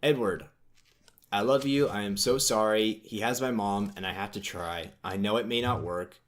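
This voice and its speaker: A man's voice: fairly low pitch, moderate pace, close to an everyday voice. A man reading out a frightened teenage girl's earnest, pleading farewell letter.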